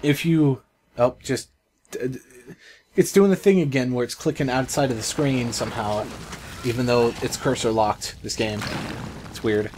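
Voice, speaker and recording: A young man gives rambling, excitable let's play commentary and swears now and then. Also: mid-range voice, normal speed, pauses often. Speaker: gamer. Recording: noisy background ambience.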